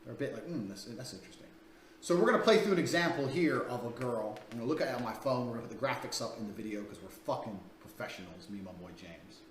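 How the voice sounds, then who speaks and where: A man's voice: medium pitch, animated, fast, hardly any pauses, slight background noise. A man coaching in a crude, blunt, profane way, talking through a paid dating course. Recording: echoey room, distant mic, faint ambience.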